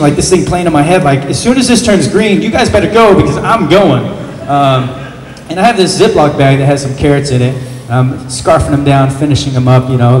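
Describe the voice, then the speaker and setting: A man telling a comic story to a live audience as a panel guest, animated and drawing out dramatic pauses. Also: fairly high pitch, distant mic. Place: large event hall with an audience. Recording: roomy hall echo, voice off-mic, faint noise.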